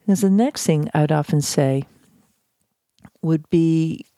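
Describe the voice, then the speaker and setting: A woman with a lowish, mellow voice speaks about conflict in a calm, measured way. She pauses often, repeats phrases for emphasis and slips in a little self-deprecating humor. The sound is dry and close. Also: no echo. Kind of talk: talk on civility.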